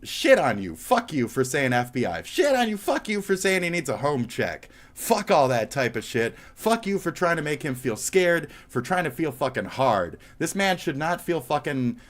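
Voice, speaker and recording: A man's voice: fairly high pitch, sing-song, moderate pace, hardly any pauses, a bit bright. A man streaming live, ranting angrily and rambling, with constant swearing. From United States. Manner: rambling, heavy cursing, angry. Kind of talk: profane live-stream rant.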